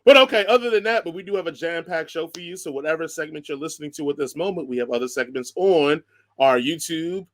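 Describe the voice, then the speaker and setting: A man with a slightly high voice hosts a casual podcast chat. He jokes, laughs often and rambles through long lists. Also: quick pace. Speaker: podcast host.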